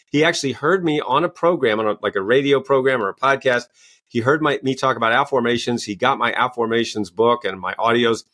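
A man's voice: medium pitch, fairly bright tone. A man, a coach and author, answering interview questions with enthusiastic storytelling. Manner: enthusiastic, storytelling, acts out quoted voices. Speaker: guest, executive coach and author.

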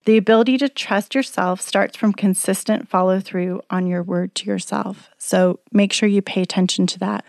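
A woman's voice: mid-range voice, steady tone, moderate pace, creaky, few pauses, darkish tone, dry recording, clean studio sound. Earnest woman giving a motivational talk. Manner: earnest, coaching, chatty with fillers. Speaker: self-help speaker; single mother of teenagers.

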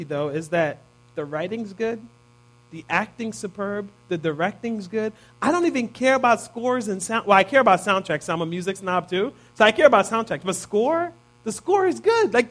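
High-voiced man preaching casually. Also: a bit bright. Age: 30s. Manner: casual, peppers points with "right?". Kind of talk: conversational sermon.

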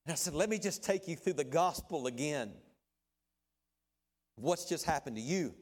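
Middle-aged pastor guy with a high voice, chatty sermon, lots of little asides. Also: expressive, normal speed, darkish tone. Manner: conversational preaching with asides and illustrations.

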